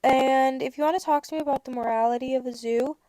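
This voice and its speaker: A woman's voice: high-pitched, steady tone, quick pace, mellow, a little hiss or hum. A young adult woman hosting a podcast, telling a story in a casual chat with sarcastic rants and acted-out bits of dialogue. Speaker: podcast host.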